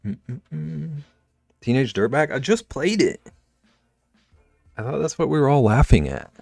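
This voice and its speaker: A man's voice: medium pitch, very animated, normal speed, vocal fry, a little mellow, no room sound, soft background music. A man livestreaming, chatting casually and teasing his viewers as he reacts to chat from home.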